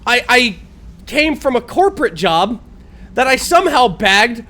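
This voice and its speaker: A man's voice: very high voice, sing-song, unhurried, bright, forceful tone. A man from the Midwest telling a rambling, laugh-filled story on a live stream, swearing freely. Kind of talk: casual storytelling chat.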